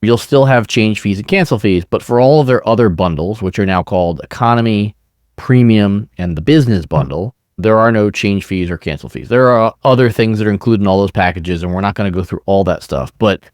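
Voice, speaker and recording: Podcast guy with a lowish voice, calm explainer, dry close mic. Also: a little fast, no echo. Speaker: podcast co-host. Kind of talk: casual podcast discussion.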